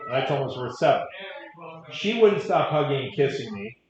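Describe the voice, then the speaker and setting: A man's voice: medium pitch, big pitch swings, brisk, a crowd in the background. Real estate trainer, male, wry and conversational, echoey room, dull audio. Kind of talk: training talk with stories.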